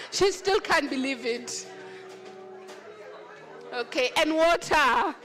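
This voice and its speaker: A woman's voice: high-pitched, animated, drawn-out words, a faint crowd. A woman hosting an awards ceremony, announcing winners with exuberant, teasing energy. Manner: exuberant, teasing, cheering with shouts. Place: large function hall.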